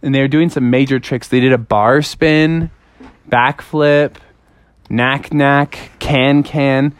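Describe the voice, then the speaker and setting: A woman telling a playful, improvised story to a child, in a lively storytelling manner. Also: a bass voice, slow pace, no echo.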